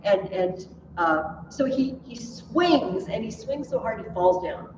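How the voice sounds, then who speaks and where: Woman teacher, lively up-and-down voice, animated storyteller, distant mic, echoey classroom, dull lo-fi sound. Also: mid-range voice, takes it slowly, noisy background. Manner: animated storytelling, laughs at her own tales. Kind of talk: classroom lecture.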